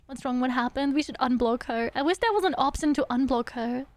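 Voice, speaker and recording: Bubbly, very high-voiced young woman streamer. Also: fairly quick, no room sound. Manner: playful, bubbly, hums little sound effects. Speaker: VTuber streamer. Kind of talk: live gameplay commentary.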